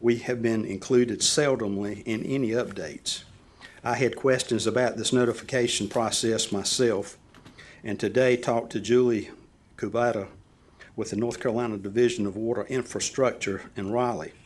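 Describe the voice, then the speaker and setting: A man with a scratchy voice giving a public comment to a county board at a podium microphone. He reads measured, prepared remarks and clears his throat now and then. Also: medium pitch, fairly even intonation. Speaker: resident addressing county board. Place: county meeting chamber.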